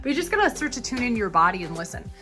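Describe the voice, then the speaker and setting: A woman's voice: fairly high pitch, very animated, pushed and bright, soft background music. A young woman chiropractor from Minnesota, chatting enthusiastically in her kitchen as she unpacks her groceries. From Minnesota, USA. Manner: chatty and enthusiastic, drawn-out words. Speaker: chiropractor vlogger. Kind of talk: casual kitchen vlog. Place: home kitchen.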